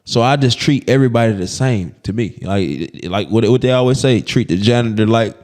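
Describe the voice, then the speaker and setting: Chatting as a guest in a casual interview, this man, a comedian from Birmingham, Alabama, speaks with an Alabama accent. He talks fairly quickly in a mid-range voice, animatedly telling stories and imitating other people's voices.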